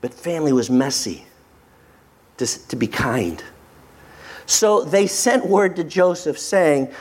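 Brief: male pastor, slightly high pitch, emphatic delivery that drops to a hush. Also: slow, long pauses, husky. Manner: emphatic, swings from animated to hushed. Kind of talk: sermon.

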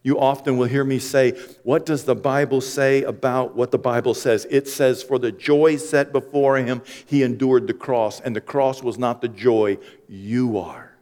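Male pastor, animated Easter sermon, swings from hushed to high and loud, long church-hall reverb. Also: a little slow, few pauses. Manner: animated, climbs high and loud when excited, then drops soft.

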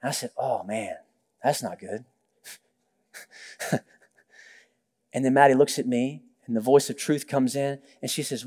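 A man's voice: mid-range voice, measured pace, pauses often, a little mellow. A young adult male pastor preaching a sermon, telling stories with acted-out quotes and joking asides. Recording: long reverb of a large hall.

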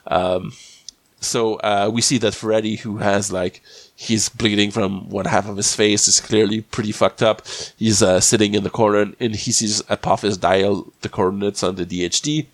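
A man's voice: fairly low pitch, fairly even intonation, no room sound. A podcast host with a slight cold, rambling and restarting as he recaps a TV episode in casual chat. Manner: rambling, halting, many restarts.

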